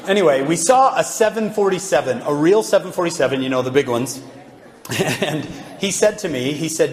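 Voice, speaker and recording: A man's voice: mid-range voice, expressive, normal speed. A man giving a humorous devotional talk, joking and quizzing his audience with questions. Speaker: religious speaker. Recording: echoey hall with faint background noise.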